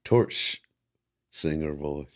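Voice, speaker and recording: Male podcast host, very deep voice, reflective. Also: drawn-out words. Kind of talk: casual podcast interview.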